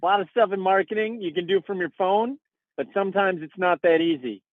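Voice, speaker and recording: Laid-back podcast co-host, man, husky voice, tinny phone-quality sound from his car. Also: high-pitched, brisk, no room sound. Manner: dry, laid-back, wry humor. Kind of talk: casual podcast chat. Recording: tinny phone-like line, dry.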